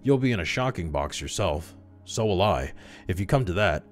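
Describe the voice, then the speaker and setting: A man's voice: low-pitched, lively intonation, normal speed, soft background music. A man voicing a cynical young male doctor who talks coolly and persuasively in a worldly, dismissive way. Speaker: audiobook reader.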